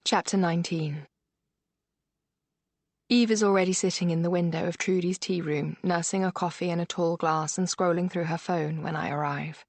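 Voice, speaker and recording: A woman narrating a first-person thriller audiobook in a measured, steady way. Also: on the low side, no room sound.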